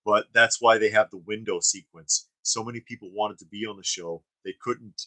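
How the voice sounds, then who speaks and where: A man's voice: on the low side, steady tone, normal speed, pushed and bright, no echo, rough recording. A man co-hosting a live stream, chatting casually and reading viewer comments, rambling with fillers and restarts. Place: studio.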